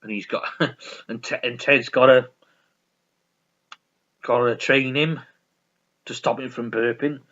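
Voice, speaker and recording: A man's voice: mid-range voice, steady tone, takes it slowly, pauses often, bright, forceful tone, lo-fi sound. A man hosting his own video, chatting casually and enthusiastically about a favourite comedy, repeating himself and swearing freely. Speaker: video host.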